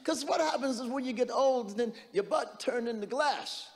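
A man voicing a rambling older male comedian who mumbles slowly and chuckles, in an echoey hall. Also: very high-pitched, voice pushed up.

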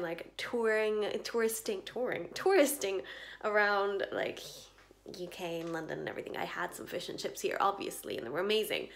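A tired woman chatting casually at home in a rambling vlog, giggling often and dropping into whispered asides. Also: a little high. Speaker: vlogger. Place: at home indoors.

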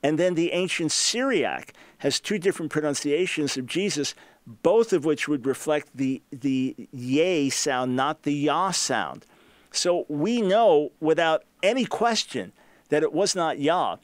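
A man's voice: on the high side, animated, measured pace, no echo. Emphatic man explaining scholarship, dry sound. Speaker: radio talk show host. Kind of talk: answering a listener's question.

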